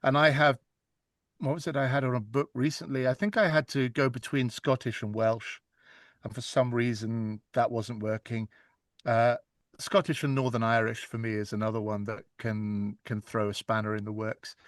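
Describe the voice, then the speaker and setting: Man, audiobook narrator, chatty, mid-pitched voice, dry close recording. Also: moderate pace, no room sound. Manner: chatty, animated storytelling with laughs. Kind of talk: casual interview chat.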